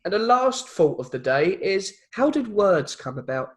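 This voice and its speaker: Kentish man, high voice, rambling casual podcast co-host. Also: big pitch swings, moderate pace. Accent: Kentish English. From Kent, England. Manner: rambling, puzzled musing with many likes and restarts.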